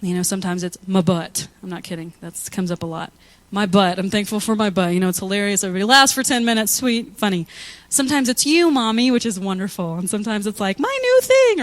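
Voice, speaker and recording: A woman's voice: mid-range voice, fairly quick. A woman pastor giving a conversational sermon full of personal stories, laughing often as she talks. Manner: chatty, anecdotal, laughs often; animated storytelling with quoted asides.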